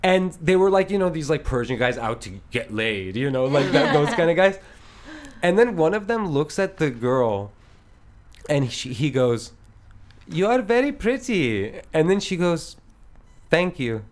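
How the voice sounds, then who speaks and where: A man's voice: a little high, lively intonation, measured pace. A man in his thirties hosting a casual podcast chat, telling rambling stories broken up by laughs. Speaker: podcast host.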